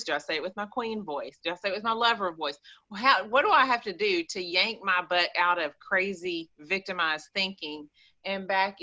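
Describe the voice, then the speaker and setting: A woman with an East Texas accent, chatting as a caller on a call-in show in an animated, rambling, folksy way. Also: on the low side, dull audio. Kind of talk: casual chat.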